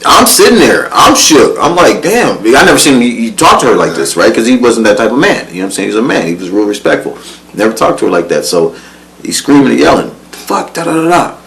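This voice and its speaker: A man's voice: on the low side, sing-song, fast, gravelly, a bit bright, poor audio. A man telling a life story in casual, profane slang, often laughing, repeating words and asking if you follow. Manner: profane, slangy, keeps asking "you know what I'm saying".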